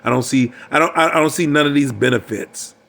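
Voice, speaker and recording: A man's voice: medium pitch, a little fast, gravelly, fairly bright tone. An older man coaching on relationships in a preachy, emphatic monologue, often repeating his phrases. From United States.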